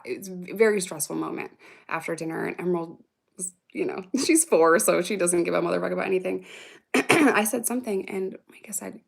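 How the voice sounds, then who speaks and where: A woman in her thirties with a low, gravelly voice talks briskly on a livestream. She's a vlogger answering viewer comments, reacting out loud in a rambling, profane way and laughing a lot.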